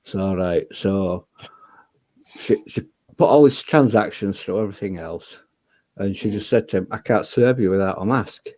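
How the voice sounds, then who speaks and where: A man's voice: sits low, normal speed, dark tone, no room sound. A man, bluntly telling stories and swearing freely in casual chat. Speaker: debate show guest.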